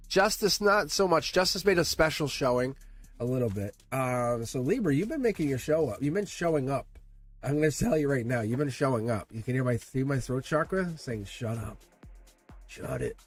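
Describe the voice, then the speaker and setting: A man giving a livestream tarot reading, rambling and playful, chuckling often and talking straight to his chat. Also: mid-range voice. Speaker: tarot reader.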